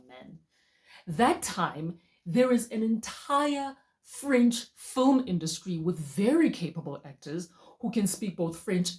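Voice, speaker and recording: A woman's voice: medium pitch, a little mellow. A woman giving a casual, chatty movie review, talking straight to her viewers and laughing often.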